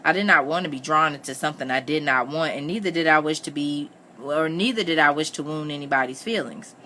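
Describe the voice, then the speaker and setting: Woman reader, low pitch, bright tone, steady novel narration. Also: a little fast, slight background noise. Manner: steady first-person narration. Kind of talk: reading a novel aloud.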